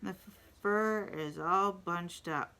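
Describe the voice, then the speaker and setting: A woman's voice: on the low side, takes it slowly, pushed and bright, exaggerated voice. A woman voicing a fussy mother bear in a storybook, growling and huffing. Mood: huffy. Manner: huffy, growling.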